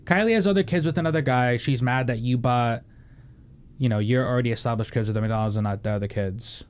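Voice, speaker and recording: A young man hosting a casual podcast chat, talking in a rambling, animated way with plenty of swearing and fillers. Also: mid-range voice, quick pace. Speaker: podcast host.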